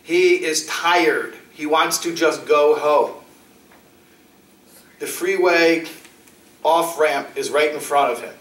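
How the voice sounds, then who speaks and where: A man giving a talk as a rabbi, telling stories with animated acted-out dialogue. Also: takes it slowly, long pauses. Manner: animated, acts out dialogue with shifting pitch. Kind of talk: lively storytelling lecture. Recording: roomy, distant mic in a hall.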